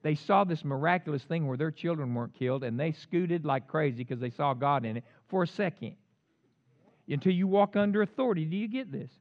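A man preaching a sermon, swinging between loud emphatic lines and quiet asides. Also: on the high side, animated, a little fast, highs cut off. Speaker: pastor.

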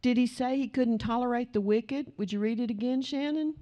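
Middle-aged woman pastor, sermon in a church, firm and direct, pitched a little high. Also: fairly quick, mellow. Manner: emphatic, direct, addresses the congregation.

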